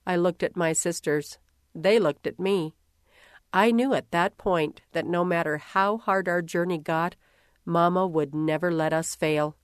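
A woman reading a first-person story aloud in a measured, gentle way. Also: on the low side, no echo, clean studio sound. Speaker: reader.

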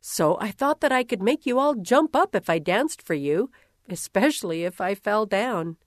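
A soft-spoken pioneer mother, gentle yet firm and quietly playful, as a woman reading a story puts her on. Her voice sits at a middle pitch with no room sound. It comes from a storybook reading. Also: lively intonation, normal speed, no echo, studio quality, lightly acted. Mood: fond.

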